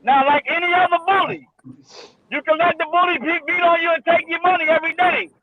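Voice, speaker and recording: Fiery man with a high voice. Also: fairly quick, phone-quality sound, heavy background noise. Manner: fiery, challenging, preacher-like questions. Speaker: guest, DJ. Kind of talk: heated panel discussion.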